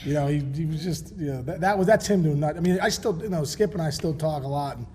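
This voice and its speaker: Man, 40s, from Pittsburgh, talk show guest, animated storyteller, frequent restarts, slightly high voice. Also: a little hiss or hum. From Pittsburgh, USA. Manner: animated storyteller, quick restarts, laughs often. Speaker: guest, former pro baseball player. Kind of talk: casual storytelling interview.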